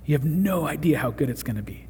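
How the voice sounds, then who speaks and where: A pastor delivers a sermon in an earnest, conversational way, building to emphatic moments. His voice sits a little high, husky yet a little mellow, with lively intonation and a fast pace. A long reverb suggests a large hall.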